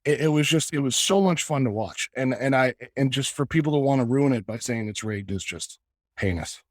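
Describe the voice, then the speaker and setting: On a dry recording, a male sports podcast co-host argues his case in an impassioned, expressive rant, talking a little fast. His voice is mid-range, and he stumbles over many restarts.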